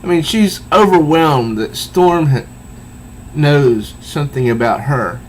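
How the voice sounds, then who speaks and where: A man casually reviewing a comic book, talking haltingly with many restarts. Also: on the high side, lively intonation, a little hiss or hum, poor audio.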